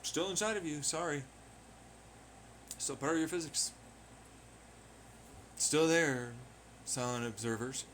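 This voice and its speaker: A man's voice: fairly high pitch, lively intonation, takes it slowly, pauses often, a bit bright, slight background noise. A man rambling in a profane monologue, firing off rhetorical questions. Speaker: vlogger.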